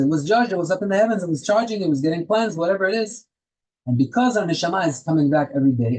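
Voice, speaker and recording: A man's voice: a little high, a little mellow, slightly rough, poor audio. A man teaching a Torah class, telling stories and asking rhetorical questions, with Hebrew terms woven into his English.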